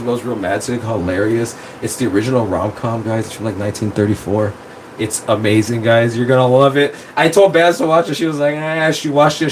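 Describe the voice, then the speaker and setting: Male streamer, mid-pitched, rambling and profane, phone mic with a faint hum. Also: darkish tone, low-quality recording. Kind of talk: casual livestream chat.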